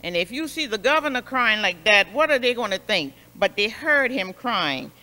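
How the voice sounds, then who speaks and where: A woman Sunday school superintendent telling a Bible lesson as a story, expressive and repeating phrases for emphasis, in a church. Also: a little high, normal speed. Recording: long hall reverb.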